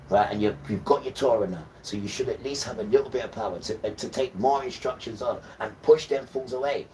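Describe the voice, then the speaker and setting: A man holds forth on his livestream in a preachy, emphatic way, breaking into chuckles between points. His voice sits at an ordinary pitch and reaches the mic from a little way off, with a faint noise underneath. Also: darkish tone, distant mic, low-quality recording. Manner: emphatic, lecturing, chuckling asides. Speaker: livestream host.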